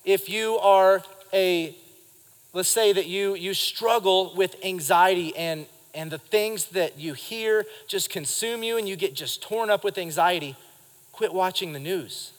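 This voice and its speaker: A man preaching a sermon at a live church service, lively and speaking straight to the congregation. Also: sits high, measured pace, in a large hall. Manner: lively preaching, acts out quotes and addresses the congregation. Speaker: pastor.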